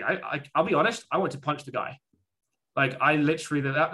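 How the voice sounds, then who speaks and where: Man, bright tense tone, casual chat co-host, rambling anecdote delivery with restarts. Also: medium pitch. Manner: rambling storytelling with many restarts and fillers. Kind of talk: casual conversation.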